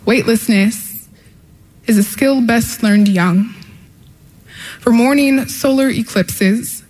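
A woman performs spoken word poetry in a lyrical, measured, rhythmic way. Her voice sits a little high, and a long reverb trails each line as if she is in a large hall. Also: darkish tone. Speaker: poet. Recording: echoey hall.

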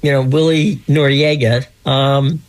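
Over a phone line, a man in his sixties who originally comes from Pennsylvania joins as a guest for a casual chat. His mid-range voice is level and unhurried as he spins rambling stories, restarting often and laughing little laughs throughout.

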